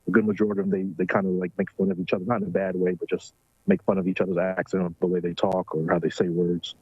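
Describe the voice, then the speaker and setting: A man's voice: low voice, breathy edge, no echo, lo-fi sound. A man co-hosting a casual talk show, speaking hesitantly with many fillers and restarts.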